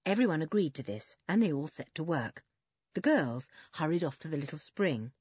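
A woman reads a children's story aloud with a very lively, rising and falling voice and a breathy tone. The recording is dry and a little dull, like an old audiobook. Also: deep voice, moderate pace, dry recording. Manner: expressive, animated reading. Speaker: audiobook narrator. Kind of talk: scripted children's story narration.

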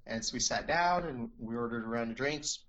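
A man's voice: medium pitch, brisk, fairly bright tone, muffled recording. A man telling a personal story as an interview guest, earnest and rambling, with many restarts and "you know"s.

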